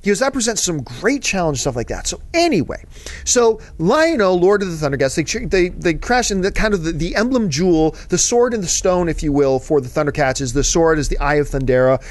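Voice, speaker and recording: A man's voice: on the high side, lively intonation, fairly quick. A man hosting a casual chat about movies, talking as an eager fan who rambles and drifts into asides. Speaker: show host answering viewer mail.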